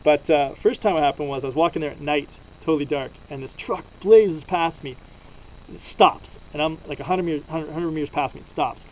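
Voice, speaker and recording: A man's voice: a little high, fairly quick, low-quality recording. A young man from Canada telling travel stories in a casual, rambling vlog, full of fillers, recorded outdoors at a desert campsite. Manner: rambling, filler-heavy storytelling. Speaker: vlogger.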